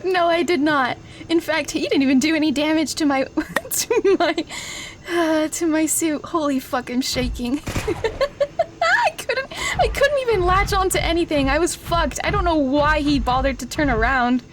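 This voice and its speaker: Female streamer, high and girlish, leisurely delivery, giggles through everything, faint background hiss. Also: expressive, a little slow. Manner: giggly, laughs constantly, bursts into shrieks. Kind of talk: casual live-stream gaming chat.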